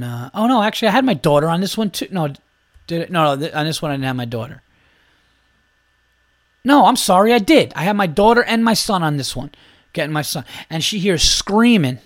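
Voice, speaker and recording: A man's voice: on the high side, dry recording. Profane ranting man, dry close mic. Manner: profane, exasperated, mimics other people's voices. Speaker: podcast host. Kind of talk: comedic ranting monologue.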